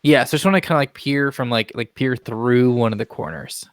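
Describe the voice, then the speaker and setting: A tabletop player speaking casually and hesitantly. The voice sits at a middle pitch. It sounds close and dry, with no room around it. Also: a little fast, no room sound. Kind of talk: playing a tabletop game.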